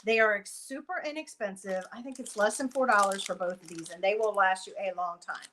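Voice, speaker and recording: A woman giving a chatty live-stream craft tutorial, talking viewers through each step while she works and breaking off for quick asides. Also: mid-range voice, fairly bright tone, slight background noise, low-quality recording. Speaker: craft demonstrator.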